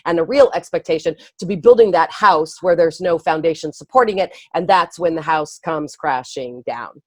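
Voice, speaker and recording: A woman's voice: sits low, no room sound. Woman educator chatting in an interview, laughs a lot, repeats herself, dry sound. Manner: lively explaining with quick laughs and restarts. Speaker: guest, early education speaker and author. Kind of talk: conversational interview.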